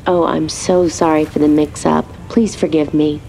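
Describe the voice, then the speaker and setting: A woman voicing a sassy female yacht computer that is bossy and quick to scold. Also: sits low, level tone, creaky, dark tone, slight background noise, poor audio.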